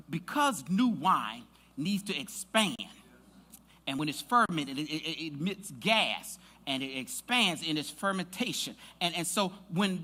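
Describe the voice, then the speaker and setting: Animated bright-voiced preacher man. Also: a little high, slight background noise. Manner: lively, joking with the congregation, rising to shouts. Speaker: pastor. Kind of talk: sermon. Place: church sanctuary.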